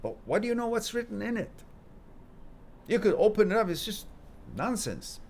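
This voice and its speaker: A man hosting a live stream, telling stories and giving advice in a casual, animated way, jumping from loud emphasis to quiet asides. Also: high-pitched, normal speed, a little hiss or hum.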